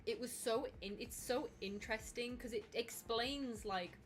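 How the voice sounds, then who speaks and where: A woman's voice: fairly high pitch, a little slow. A young woman from the north of England, chatting casually on a cosplay livestream. She rambles and fills her talk with ums and likes. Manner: chatty, rambling with many fillers. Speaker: cosplay streamer. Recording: music playing behind.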